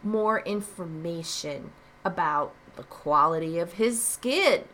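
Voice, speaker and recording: A woman's voice: on the low side, expressive, takes it slowly, a bit bright, slight background noise. A woman art teacher recording a review lesson, explaining each answer and driving points home with short repeated phrases.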